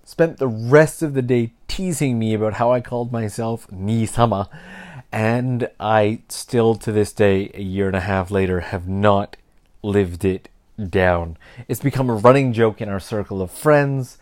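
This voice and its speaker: A man's voice: lowish voice, steady tone, a little slow, darkish tone. A Canadian man hosting a casual solo podcast, talking candidly and reflectively and often correcting himself mid-sentence. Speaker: podcast host.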